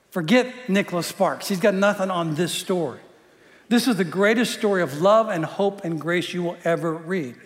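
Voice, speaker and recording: A man with a notably high voice preaches to his congregation, chatty and quick to joke, and often stumbles back over his own words. The sound rings with the long reverb of a big hall. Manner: conversational and joking, often repeats words. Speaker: pastor. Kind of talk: sermon.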